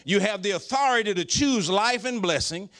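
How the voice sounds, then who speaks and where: A pastor preaching a folksy, joking sermon. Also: male voice, high voice, expressive, normal speed, fairly bright tone.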